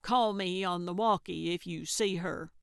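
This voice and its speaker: A woman's voice: lowish voice, unhurried, vocal fry, smooth, dry recording. A woman voicing a weary, grumbling older man who sounds dry and grudging.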